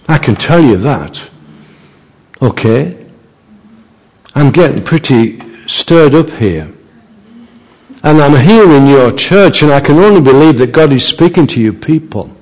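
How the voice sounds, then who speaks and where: A man preaching a sermon as a visiting speaker in a church, slow and emphatic, building to fervent climaxes. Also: a little high, sing-song, darkish tone, breathy edge. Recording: reverberant church hall.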